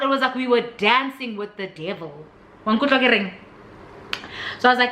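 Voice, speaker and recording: A young woman with a South African accent telling a storytime vlog in an animated, dramatic way. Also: fairly high pitch, normal speed. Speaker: vlogger. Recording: roomy with faint noise.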